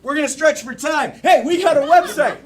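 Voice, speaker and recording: A man's voice: very high-pitched, fairly quick. A man hosting a live improv comedy show, bantering and joking with the audience from the stage. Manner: upbeat, joking crowd banter. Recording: live room with crowd and noise.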